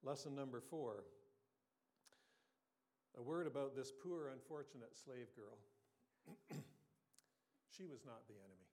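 A man's voice: medium pitch, unhurried, pauses often, darkish tone. A man preaching a sermon in an earnest, conversational way, asking his listeners questions and sometimes restarting his sentences. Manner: occasional restarts and throat clearing. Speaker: pastor.

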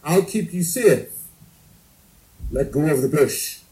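A preacher voicing God, speaking slowly and calmly from above to a man in danger. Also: fairly high pitch, low-quality recording. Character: calm, reassuring voice of God.

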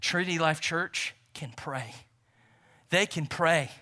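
A man's voice: fairly high pitch, takes it slowly, bright, forceful tone. A man preaching a sermon as pastor, in a conversational style that repeats phrases for emphasis.

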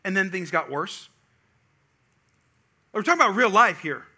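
A middle-aged man preaches in a church with a high, very bright voice. He tells stories in an animated way and pushes up to loud, emphatic peaks. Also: normal speed. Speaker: pastor. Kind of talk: sermon with personal story.

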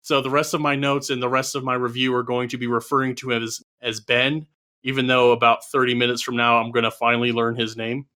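Bright-voiced man, dry sardonic humor. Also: medium pitch, little pitch movement, fairly quick. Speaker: podcast co-host reviewing a film. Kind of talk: casual chat.

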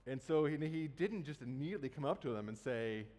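A man's voice: a little high, lively intonation, brisk, a little mellow. A man preaching a sermon, retelling a Bible story in a conversational way and casually acting out the quotes. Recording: long hall reverb.

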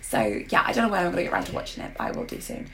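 A woman's voice: very fast, a bit bright, slight background noise. A woman with a sore throat co-hosting a podcast, chatting casually and animatedly about TV shows. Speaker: podcast co-host. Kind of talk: casual chat.

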